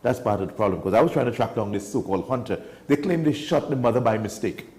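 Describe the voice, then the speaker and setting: A man talks in a casual studio chat, animated and emphatic. His pitch sits mid-range and he jumps up high when making a point. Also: fast talker. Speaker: wildlife guest.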